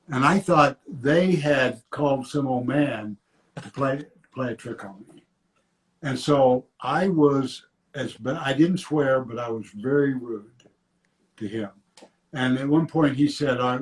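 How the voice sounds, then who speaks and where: Older male guest, relaxed anecdotal storyteller, middle pitch. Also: poor audio. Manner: rambling, self-correcting anecdotes. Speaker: former football player, interview guest. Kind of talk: storytelling in an interview.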